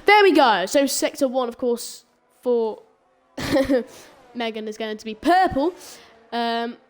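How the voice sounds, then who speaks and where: A woman's voice: fairly high pitch, animated, takes it slowly. Chatty, rambling female race commentator. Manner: rambling, chatty, stumbles and corrects herself. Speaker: sim racing commentator. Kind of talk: live esports race commentary.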